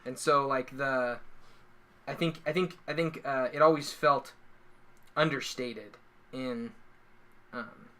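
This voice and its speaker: A man's voice: medium pitch, slow, long pauses, pushed and bright. A man hosting a casual live stream, musing aloud and searching for words. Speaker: stream host.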